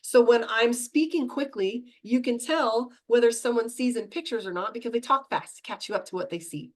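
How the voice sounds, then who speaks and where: Fast-talking woman teaching meditation. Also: on the high side. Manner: fast-talking, chatty, laughs at herself. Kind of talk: teaching a class.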